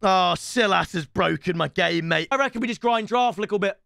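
A young man commentating excitedly on his own video game stream, shouting between calm stretches. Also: sits high, fairly quick, vocal fry, dry recording. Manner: excitable, shouts and swings between hype and frustration.

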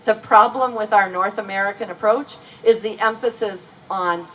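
A woman's voice: mid-range voice, fairly bright tone. A woman pastor preaching a sermon in a church, earnest and emphatic, leaning on key words. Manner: earnest, emphatic preaching with slow deliberate stresses. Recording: voice from a distance with faint ambient noise.

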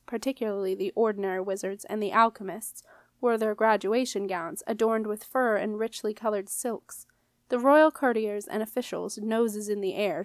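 A woman's voice: medium pitch, dry recording. Woman reading a storybook aloud. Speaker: audiobook reader. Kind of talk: storybook narration.

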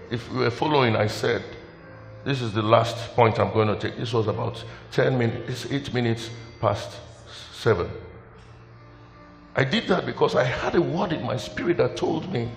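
A man's voice: mid-range voice, expressive, moderate pace, creaky. A male pastor, preaching a sermon in an emotional, exclamatory way. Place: church hall. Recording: long hall reverb, faint music.

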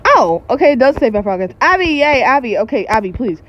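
A woman's voice: fairly high pitch, very animated, fairly quick, dull audio, a little hiss or hum. A woman YouTuber giving casual gameplay commentary, jumpy and giggly with frequent startled exclamations.

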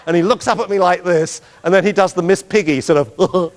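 Lively man telling stories in a hall. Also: a little high, fairly quick. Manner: lively storyteller, laughing, mimicking sounds. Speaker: dog trainer giving a talk. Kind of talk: animated anecdotal lecture.

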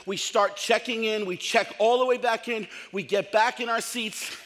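High-voiced, bright middle-aged male pastor. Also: normal speed, long reverb tail. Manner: storytelling, comic, animated, acts out quotes. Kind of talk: sermon. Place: large church hall.

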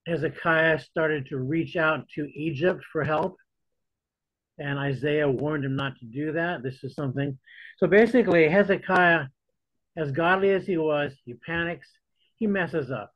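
A man's voice: fairly high pitch, a little slow, no echo. Man teaching Bible study, dull lo-fi sound. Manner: conversational, repeats words when restarting. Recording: dull lo-fi dry recording.

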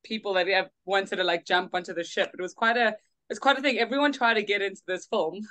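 A young South African actress chatting with laughter and animated stories in a video call interview. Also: female voice, mid-range voice, fast talker. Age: young adult. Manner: bubbly, laughing, animated storytelling. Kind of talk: casual interview chat.

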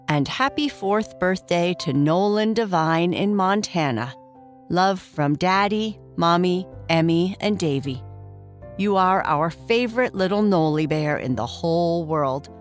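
A woman hosting a bedtime story show, reading listener shout-outs and narrating a children's story in a slow, soothing way. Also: lowish voice, lively intonation, faint music behind. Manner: slow, soft and soothing, reading names warmly. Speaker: storyteller host.

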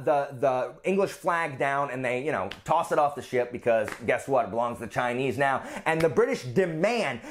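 A man talks through history in a loose, chatty way, full of fillers and restarts. His voice sits a little high and swings widely in pitch. He often sounds incredulous. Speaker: book video host. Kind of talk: casual history explainer.

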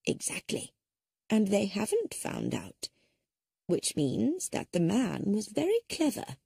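Woman reading elderly lady detective, gentle, polite, thoughtful, warm breathy voice, lively pitch. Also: takes it slowly, no echo, studio quality, full character voice. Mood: gentle, reasoning. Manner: mild, polite, thoughtful reasoning. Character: elderly spinster sleuth, gentle yet sharp-witted. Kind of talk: audiobook character reading.

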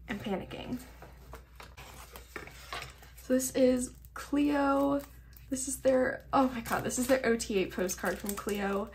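A young woman's voice, somewhat high and distinctly nasal, drawls along slowly as she gushes over each item she opens. She chats casually and swears often, and sounds tired from little sleep. A faint hiss of noise sits underneath. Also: steady tone. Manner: chatty, gushing and profane. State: sleep-deprived. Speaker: vlogger. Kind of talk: casual mail unboxing chat.

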